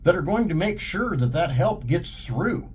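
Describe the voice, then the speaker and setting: A man's voice: a little high, big pitch swings, normal speed, a little hiss or hum. A man delivering a heated, profane monologue in a blunt, ranting manner. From United States. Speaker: vlogger. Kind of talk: monologue to camera.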